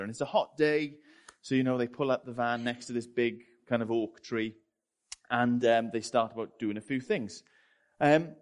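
A British man preaching a sermon and telling a story in a chatty, self-deprecating way. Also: medium pitch.

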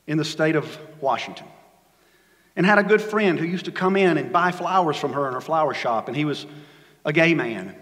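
A pastor preaches a sermon in a church sanctuary, his voice echoing through the reverberant hall. He delivers it dynamically, shifting between loud emphasis and quiet, low passages.

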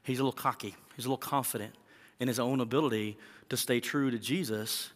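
Pastor preaching in a reverberant hall. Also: male voice, mid-range voice, fast talker. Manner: animated storyteller, acts out quotes. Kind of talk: sermon.

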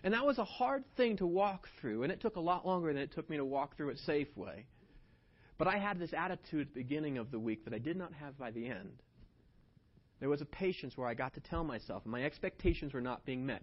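A man preaching a sermon, telling a personal story in an animated way that swings between hushed and loud. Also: a little high, a little fast. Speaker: pastor. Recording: dull lo-fi sound.

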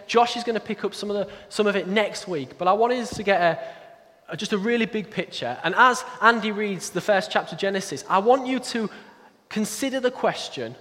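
A man giving a sermon in a conversational, self-deprecating way, with quick asides. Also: sits high, bright, forceful tone. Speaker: pastor. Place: church hall. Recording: echoey church hall.

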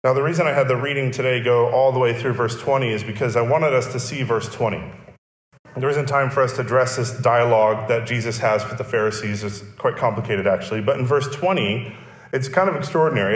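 A man's voice: mid-range voice, fairly quick. A male pastor preaching a sermon, explaining and repeating key phrases for emphasis. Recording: echoey church hall.

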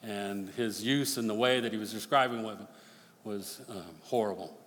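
A man preaching a sermon as pastor, swinging from forceful near-shouted appeals to hushed, quick storytelling. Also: fairly low pitch. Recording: long reverb of a large hall.

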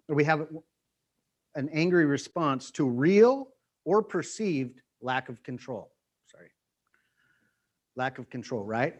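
A man preaching as a pastor, animated and acting out everyday scenes, often putting questions to his listeners. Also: on the high side. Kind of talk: sermon teaching.

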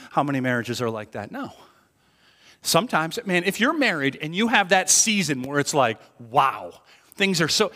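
A pastor delivering a sermon in a church hall with a long, lingering reverb. His voice sits a little high for a man. He talks to the congregation like a conversation, dropping to hushed confessions and then rising to loud, emphatic points. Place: church sanctuary.

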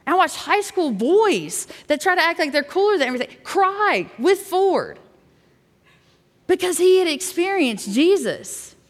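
A woman's voice: very high-pitched, big pitch swings, unhurried. A woman youth pastor giving a sermon and telling a personal story in a candid way, with fillers and restarts. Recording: long hall reverb.

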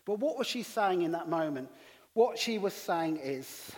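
A man's voice: high voice, animated, a little slow, a little mellow. A middle-aged English man preaching as a pastor, telling stories with self-deprecating humour. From England. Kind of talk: sermon. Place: church hall. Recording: long reverb of a church hall.

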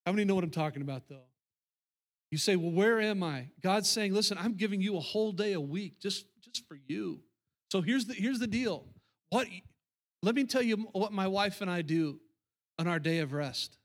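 A man's voice: high voice, lively intonation, normal speed. A man preaching a sermon as pastor to his congregation in church, emphatic and repetitive. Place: church sanctuary.

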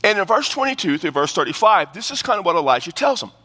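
A man's voice: high voice, fast talker. A male pastor preaching a sermon, telling stories with humor and plenty of restarts. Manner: animated storytelling with humor and repeated restarts. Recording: long reverb of a large hall.

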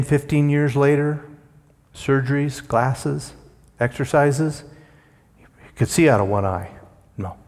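A male preacher delivering a sermon at an unhurried, deliberate pace. His voice sits at a middle pitch and rings out with a long reverb, as in a large church hall. He builds to emphatic peaks, then falls to hushed asides. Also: slightly rough. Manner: slow, emphatic delivery with dramatic swells and quiet drops.

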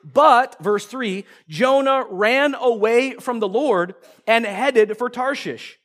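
High-voiced man preaching a sermon. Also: slow pace. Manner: lively storytelling, acting out quoted characters. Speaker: pastor. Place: church service before a congregation.

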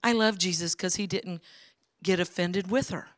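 A woman's voice: lowish voice, moderate pace, dry recording, studio quality. Emphatic woman preaching a sermon. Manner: storytelling preacher, emphatic and conversational. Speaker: guest speaker. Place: church sanctuary.

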